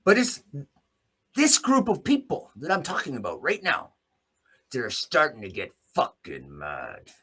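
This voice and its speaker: A man from Alberta, Canada, hosting a podcast and delivering an angry, profane rant, swinging between low muttering and shouting. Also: wildly swooping pitch, unhurried, breathy edge. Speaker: host. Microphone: podcast mic in a small room.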